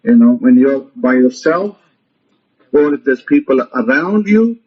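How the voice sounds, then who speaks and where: Husky-voiced man giving a forceful lecture. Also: mid-range voice, expressive, unhurried. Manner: emphatic, repetitive, commanding. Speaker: rabbi teaching a lecture. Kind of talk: motivational lecture. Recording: muffled lo-fi audio.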